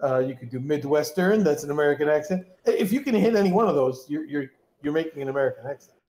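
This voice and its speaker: A man's voice: on the high side, animated, fast, a little mellow, reverberant. A man in casual banter with friends, eager and argumentative.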